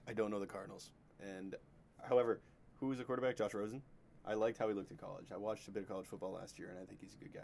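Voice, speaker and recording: A man's voice: lowish voice, steady tone, very fast, vocal fry, a little mellow, a little hiss or hum. A young man on a casual sports panel, giving offhand, mumbled remarks. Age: young adult. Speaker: podcast guest panelist.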